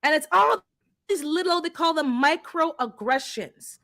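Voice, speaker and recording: A woman's voice: high-pitched, lively intonation, a little slow, creaky, pushed and bright. A woman in casual chat, speaking emphatically and with exasperation, repeating words for force. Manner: emphatic, exasperated ranting with repetition.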